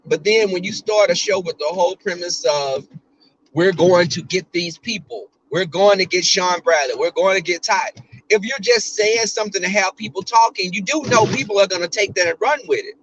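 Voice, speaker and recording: A man's voice: high voice, normal speed, a bit bright, muffled recording. A man giving blunt, profane casual commentary on a livestream, often mimicking other people.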